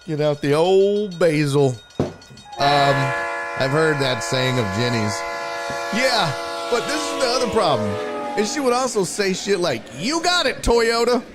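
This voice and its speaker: Animated, lively-voiced male streamer host. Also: a little high, a little slow, loud music behind the voice. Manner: animated, swearing, incredulous storytelling. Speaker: sports show host and streamer. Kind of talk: casual live-stream chat.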